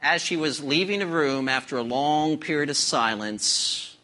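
Slow, bright-voiced pastor telling a joke. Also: male voice, medium pitch. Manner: folksy storytelling with a joke. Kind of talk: sermon.

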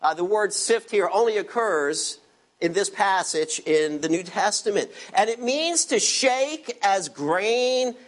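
A man preaching an expository sermon, emphatic and dropping his voice low on key words. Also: expressive, slow pace. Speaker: pastor.

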